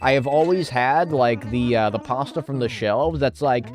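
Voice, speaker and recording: A man's voice: medium pitch, moderate pace, faint music behind. A man streaming a game, reading chat aloud and riffing on it with casual swearing.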